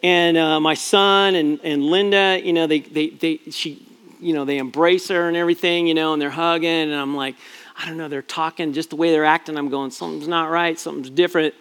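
A man's voice: a little high, fairly even intonation, fairly quick, a bit bright, clear, resonant tone. A middle-aged man, a pastor, telling a personal family story in a chatty, self-deprecating way, full of fillers and restarts. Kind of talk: storytelling sermon.

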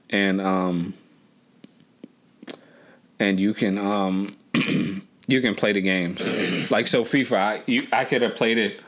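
Low-voiced man rambling in casual chat. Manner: rambling, profane, lots of fillers and restarts. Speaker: podcast co-host.

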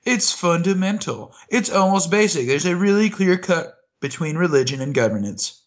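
A man co-hosting a casual chat podcast, speaking thoughtfully with halting restarts. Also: fairly high pitch, animated, highs cut off. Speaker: podcast co-host.

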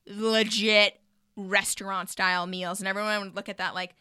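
A woman tells stories in a relaxed chat, her voice bright and smooth. She talks in an animated way and laughs often. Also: medium pitch, normal speed, no echo, studio quality. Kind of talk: casual chat.

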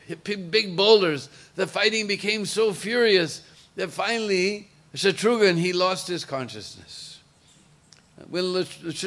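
A man telling a devotional story in an animated way, with chatty asides to his listeners. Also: high-pitched.

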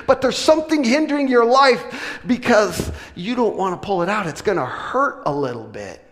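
Middle-aged pastor guy, high voice, jokey animated sermon storytelling, long church-hall echo. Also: moderate pace. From US West Coast. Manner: animated, self-deprecating humor, frequent restarts. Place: church sanctuary.

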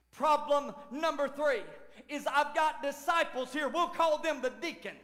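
A man preaching a sermon as lead pastor, animated, swinging from shouts to near whispers. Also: extremely high pitch, a little slow. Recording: long church hall reverb.

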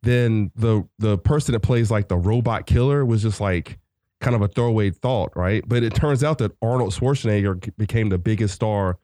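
Southern guy, low voice, dry close sound, rambly movie chat with lots of likes. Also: normal speed, warm tone, no room sound. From American South. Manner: rambling, many fillers and restarts. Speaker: podcast co-host. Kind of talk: casual chat about movies.

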